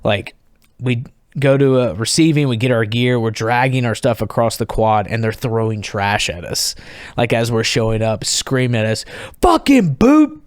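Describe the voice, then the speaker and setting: A man's voice: medium pitch, clear, resonant tone, dry recording, studio quality. Candid man swearing through war stories. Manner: candid, swears freely, acts out shouted quotes. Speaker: podcast guest, military veteran. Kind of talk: casual storytelling interview.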